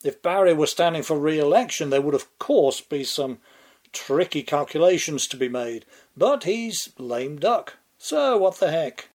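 Older English man, slightly higher voice, dry mocking monologue delivery. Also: expressive, measured pace, darkish tone. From England. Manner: sardonic, mocking. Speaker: political commentator. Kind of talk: scripted monologue commentary.

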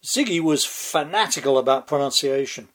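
A man's voice: medium pitch, lively intonation, moderate pace, fairly bright tone. An older man with an English accent delivering a sardonic, mocking scripted commentary monologue. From England. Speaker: political commentator.

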